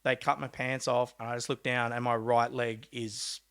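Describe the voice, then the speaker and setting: A young Australian man, a pro mountain biker, telling a story in a casual, animated way, acting out quotes with laid-back slang and swearing. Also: medium pitch, moderate pace, smooth. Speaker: podcast guest, pro mountain bike rider.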